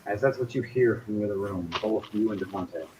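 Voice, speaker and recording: A man's voice: on the low side, quick pace. A man narrating as game master in casual, profane table talk. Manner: casual, swears freely, voices figures briefly. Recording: slightly dull lo-fi audio, faint hiss.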